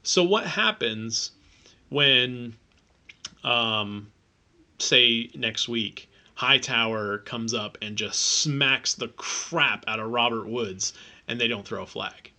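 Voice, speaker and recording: A man's voice: medium pitch, takes it slowly, sharp tone. A man co-hosting a casual sports podcast, arguing his point and laughing often. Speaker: podcast co-host.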